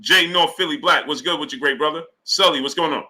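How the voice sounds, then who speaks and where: A man hosting a live boxing stream, reading viewer super chats and greeting them by name in an animated, casual way. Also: a little high, brisk, low-quality recording. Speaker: boxing talk show host.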